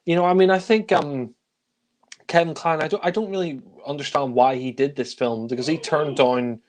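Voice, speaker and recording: A man's voice: on the high side, normal speed. Blunt man reviewing films, sighing. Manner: blunt and critical, with frequent sighs and fillers. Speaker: film reviewer. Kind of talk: casual spoken film review.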